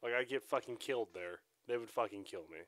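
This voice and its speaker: A man's voice: mid-range voice, fast talker, fairly bright tone. A man co-hosting a podcast in blunt, sarcastic, profane casual chat. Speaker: podcast co-host.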